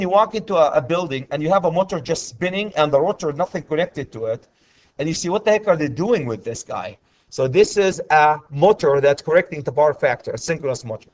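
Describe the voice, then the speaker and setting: A man's voice: fairly high pitch, dull audio, a little hiss or hum. A man teaching an electrical class, often stopping to ask students for questions. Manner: repetitive, checks in with students often. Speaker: electrical instructor. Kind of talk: classroom lecture.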